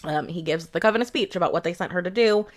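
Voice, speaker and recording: A woman's voice: fairly low pitch, fast. A woman giving a casual rant-style book review, blunt, profane and sarcastic.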